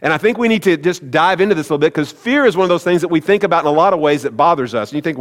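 A male pastor delivers a sermon in a relaxed, conversational way and turns often to speak straight to his listeners. His voice sits a little high for a man. The sound rings with the long reverb of a large church. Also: racing, few pauses. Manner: conversational, speaks directly to the congregation.

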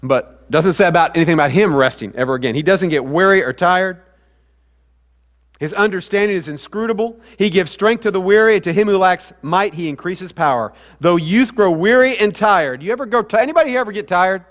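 High-voiced preacher in a reverberant church. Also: male voice, a little fast. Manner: conversational preaching, asks the congregation questions. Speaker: pastor. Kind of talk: sermon. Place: church sanctuary. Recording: hall reverb.

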